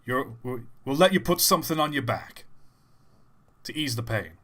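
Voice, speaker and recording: A man voicing a stern foreign male prison official who hands out lashes, in a loud, stiff and commanding manner. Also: medium pitch, lively intonation, moderate pace.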